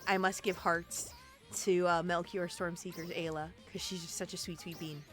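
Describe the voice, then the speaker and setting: A woman's voice: fairly low pitch, flat delivery, normal speed, fairly bright tone. A woman streamer chatting casually and exclaiming often as she plays an online game, with faint game music behind. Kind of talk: casual gameplay commentary.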